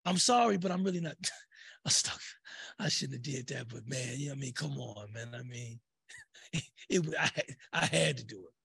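A man's voice: a little high, unhurried, vocal fry, long pauses, breathy edge, dry recording, heavily acted. A man playing a flippant guy who gives a mumbled, chuckling, half-hearted apology. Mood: flippant, mumbling.

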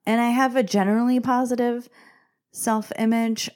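A woman's voice: a little high, steady tone, normal speed, a little mellow. A woman in her forties hosting a podcast, chatting in a casual, self-mocking way and laughing often. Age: 40s. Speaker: podcast host. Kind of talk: casual solo podcast talk.

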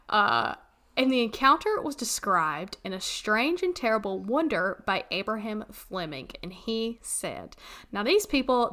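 A woman with a Southern US accent co-hosts a podcast in easy, casual chat. Her voice is bright and sits a little high. She is animated, laughs often and tosses in asides as she tells a story. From Western North Carolina. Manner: animated, laughs often, reads old text aloud with asides. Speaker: podcast co-host.

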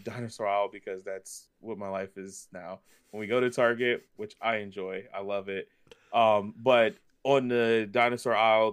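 A man in his thirties chats on a podcast with a somewhat low voice. He tells stories in a loose, rambling way, full of fillers and restarts. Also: clean tone. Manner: rambling, animated storyteller with many fillers. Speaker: podcast co-host. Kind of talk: casual chat.

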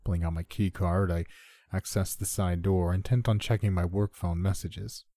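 A man reading a first-person horror story in a measured, subdued way. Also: low voice, steady tone, dark tone, no echo, studio quality.

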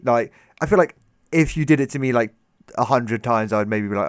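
A man's voice: mid-range voice, quick pace, no echo, studio quality. A man co-hosting a podcast in casual chat, emphatic and laughing, swearing freely. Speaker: podcast co-host.

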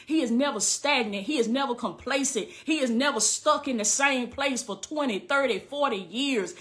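Female online preacher, high voice, fervent call-and-response delivery. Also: bright, forceful tone. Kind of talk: sermon-style online message.

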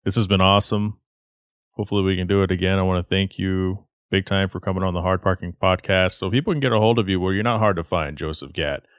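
A man hosting a podcast, asking casual, relaxed questions in a friendly way. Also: low-pitched, fast, no room sound, studio quality. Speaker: podcast host. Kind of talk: casual interview chat.

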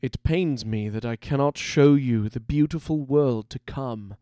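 A man's voice: mid-range voice, dark tone, no echo, studio quality, natural voice. A man voicing Silas, a sly rebel mage. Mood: menacing. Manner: slow, sly and menacing. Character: cruel charismatic male rebel mage leader.

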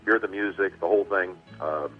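A man, a sportscaster guest, reflecting at length on a radio show, speaking over a phone line. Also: low voice. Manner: warm reflective storytelling with frequent pauses. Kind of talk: casual radio interview. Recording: tinny phone line with music.

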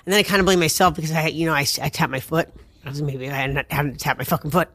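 A woman's voice: low-pitched, fairly even intonation, fast talker, a bit bright, no room sound. A woman co-hosting a podcast in casual chat, profane and rambling, often breaking into laughter. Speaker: co-host.

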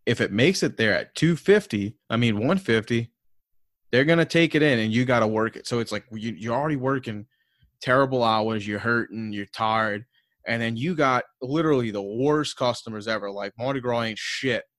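A man's voice: mid-range voice, normal speed, a bit bright, no room sound, clean studio sound. A man with a Southern American accent hosting a casual podcast, telling stories in a rambling, profane way full of "like" and laughter. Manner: rambling, profane, filler-heavy storytelling with frequent laughs. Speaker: podcast host.

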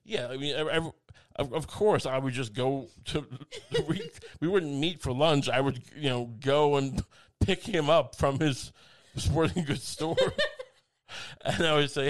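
A man's voice: medium pitch, sing-song, unhurried. Rambling, self-mocking man in casual chat.

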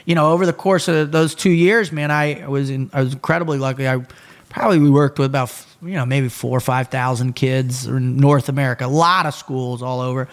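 A man who is a podcast guest, telling stories in casual chat in a blunt, animated way. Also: medium pitch, brisk.

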